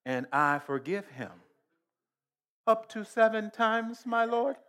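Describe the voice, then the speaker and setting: Slow, emphatic preaching man. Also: high voice, expressive, clear, resonant tone. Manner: slow emphatic preaching with repetition and sudden loud rises. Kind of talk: sermon.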